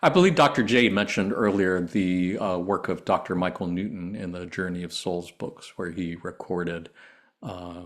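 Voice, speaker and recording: A man with a very low voice leads a spiritual discussion podcast. He speaks in a thoughtful, measured way, pausing and restarting now and then. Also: a bit bright. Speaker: podcast host.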